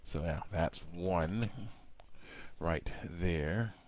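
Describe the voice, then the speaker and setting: Speaking very slowly in a low, slightly mellow voice, a man chats casually as he works with his hands. His talk wanders, padded with hums of "mm" and "you know," and he frequently acts out what he says.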